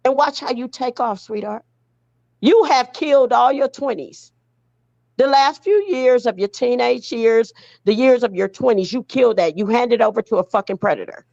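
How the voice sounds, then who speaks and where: A woman's voice: on the high side, moderate pace, gravelly, a little mellow, no echo, dull audio. A woman speaking as a mother to her grown daughter, blunt and profane, pleading and scolding by turns. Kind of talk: emotional direct address.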